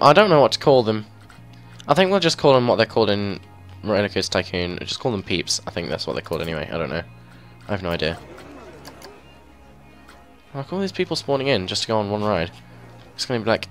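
Excitable man, close-miked. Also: lowish voice, a little fast, long pauses, faint music behind. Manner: chatty, excitable, thinking aloud. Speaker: gameplay video host. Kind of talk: casual gameplay commentary. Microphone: mic very close to the mouth.

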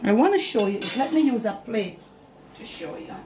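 Jamaican woman, high chatty voice. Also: very animated, moderate pace, roomy sound, noisy background. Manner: chatty, direct to camera, Jamaican Patois mixed in. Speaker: cooking channel host. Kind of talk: home cooking demonstration. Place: home kitchen.

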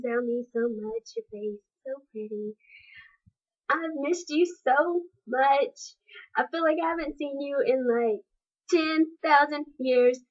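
A young woman chatting casually as she reacts to a music video, gushing and giggly, breaking into squeals now and then. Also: high-pitched. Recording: dull lo-fi webcam sound.

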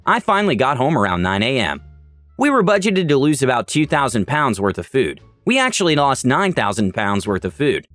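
Man narrating stories with lively pitch. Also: a little fast, no room sound, soft background music. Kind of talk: reading online stories aloud.

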